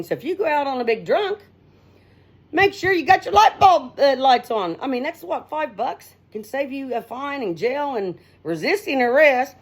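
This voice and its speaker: A middle-aged woman, hosting a casual, unscripted monologue in a blunt, outspoken, rambling way, calling listeners honey and man, talking into her own device's mic without a headset. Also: high voice. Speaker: host.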